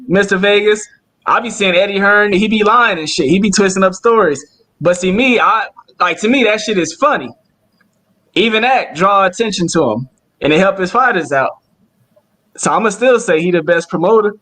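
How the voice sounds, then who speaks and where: Slangy laid-back man, high voice. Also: normal speed, bright, forceful tone. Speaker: co-host. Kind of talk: casual boxing chat.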